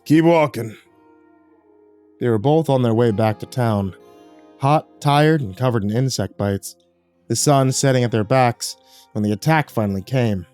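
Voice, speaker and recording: A man's voice: medium pitch, normal speed, darkish tone, faint music behind. A man reading a horror story aloud in a dramatic storytelling manner. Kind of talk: scripted horror narration.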